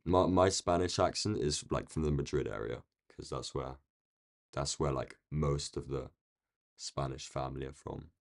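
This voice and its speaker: A man with a London accent chatting casually on a live stream, rambling along and answering viewers' comments from a quiet room. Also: a bass voice, moderate pace, creaky. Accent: London English. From United Kingdom. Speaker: day-trading live streamer.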